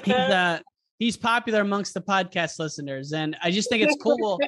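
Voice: mid-range voice, lively intonation, brisk, a bit bright. An enthusiastic podcast host leads a casual interview. They stretch out the words they want to stress and keep the conversation moving with eager questions.

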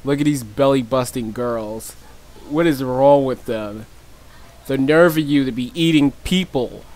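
Slow, joking young male gamer. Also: a little mellow. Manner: laughs often, shrieks high when chased; joking, teasing trash talk. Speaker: gaming YouTuber. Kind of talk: gameplay commentary.

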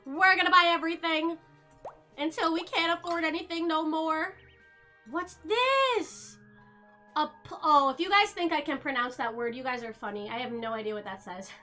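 A woman streamer with a high, bright voice gives casual gameplay commentary, chattering to her viewers and gasping with excitement at each new find. Faint game music runs underneath. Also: normal speed.

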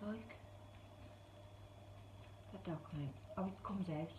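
A woman's voice: mid-range voice, takes it slowly, long pauses. Woman, gushing casual chat, echoey room, background noise. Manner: gushing, exclaims often. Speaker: craft channel host. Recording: tinny, echoey, noisy room sound.

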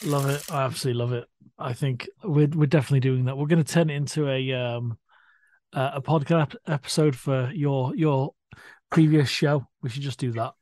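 A middle-aged man co-hosting a podcast, chatting enthusiastically with many halting restarts. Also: mid-range voice, steady tone, a little mellow, no room sound. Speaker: podcast co-host. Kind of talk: casual chat.

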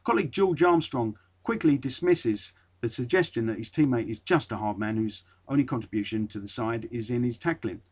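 A man's voice: medium pitch, brisk, hardly any pauses, a little mellow, breathy edge. A man hosting a podcast, reading an old article aloud and breaking off with dry, wry asides. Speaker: podcast host.

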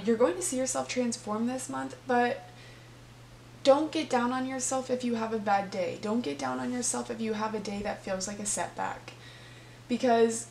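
A tarot reader with a fairly high, slightly mellow voice speaks to her viewers directly and from the heart as she goes through the cards. The recording has an echoey room and a faint hum.

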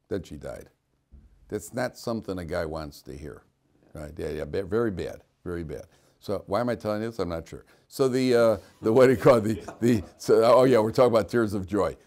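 A man's voice: low-pitched, a little fast, darkish tone. A man teaching a class as a rabbi, talking informally, questioning students and cracking jokes, with frequent restarts.

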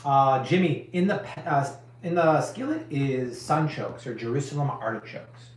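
A man with a mid-range voice hosts a live cooking stream at normal speed, the audio reverberant. He chats casually and answers viewer questions with slangy, emphatic energy.

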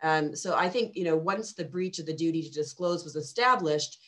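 A woman lawyer speaking on a webinar panel, measured and precise, with frequent fillers and small restarts. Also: low-pitched, a bit bright. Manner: measured, precise, quotes legal text carefully.

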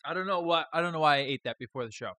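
A man's voice: on the high side, very fast, bright, forceful tone, dry recording. A man hosting a live stream, chatting casually in a rambling, joking way with some swearing.

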